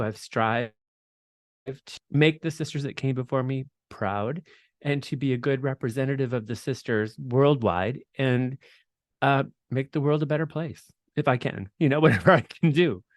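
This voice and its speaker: A middle-aged man recounts his past as an interview guest, candid and animated, with frequent laughter and loose swearing. His voice sits at an ordinary middle pitch. The recording is dry and close, with no room sound. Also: normal speed, dry recording. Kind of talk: candid storytelling.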